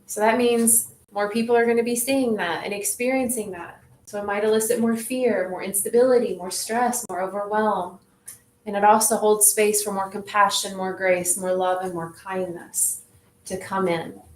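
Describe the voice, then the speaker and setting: A woman leading a group in a relaxed, reflective way, often saying "like". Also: medium pitch, normal speed. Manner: relaxed, reflective, says "like" a lot. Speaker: group facilitator. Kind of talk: casual wellness group talk. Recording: echoey room, faint noise.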